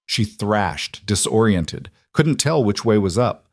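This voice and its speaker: A man gives a steady, scripted reading of a fantasy story at a slow pace. His low, dry voice is close to the mic, with no room sound or echo around it.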